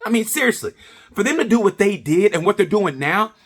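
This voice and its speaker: A man's voice: high voice, expressive, fairly quick, a bit bright. A man ranting casually through a review, swearing a lot and rambling with jokes. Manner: profane, rambling, jokey. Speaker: racing review vlogger.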